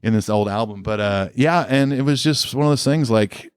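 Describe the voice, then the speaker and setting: A man's voice: mid-range voice, moderate pace, clear, resonant tone, no room sound, studio quality. A middle-aged man, a musician guest on a podcast, telling a long casual story in a rambling, laid-back way full of fillers.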